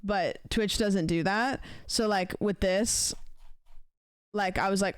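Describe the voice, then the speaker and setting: A woman streamer chatting casually with her live viewers, rambling and thinking out loud with lots of fillers. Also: medium pitch, takes it slowly, clean tone, no echo. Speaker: livestreamer.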